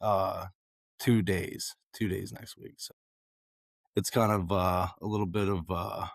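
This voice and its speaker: A man losing his voice, talking in a raspy, hoarse way with many fillers and restarts in a casual conversation. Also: deep voice, fairly even intonation, unhurried, no room sound, studio quality. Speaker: guest.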